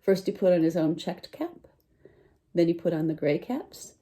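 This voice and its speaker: A woman teacher reading a storybook aloud to young children, her voice warm and mellow. She swings her pitch up and down lively as she stops to ask the listeners questions. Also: moderate pace. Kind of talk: picture-book read-aloud.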